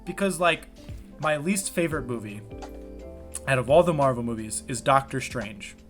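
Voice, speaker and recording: A young man swears frequently and rambles with plenty of fillers as he co-hosts a podcast in animated, casual chat. His mid-range voice comes at normal speed through a remote call mic, with soft background music.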